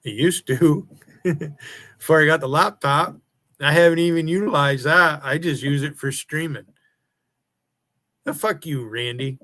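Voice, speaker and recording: A man's voice: on the high side, measured pace, pauses often, sharp tone. A man ranting angrily on a livestream, taunting and cursing at rival streamers and chatters. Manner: angry, profane, taunting. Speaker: live streamer. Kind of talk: profane livestream rant.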